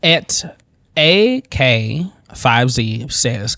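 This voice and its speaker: A man hosting a software tutorial, thinking aloud in a loose, informal way as he works on screen. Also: medium pitch, moderate pace, no echo, clean studio sound. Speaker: tutorial host.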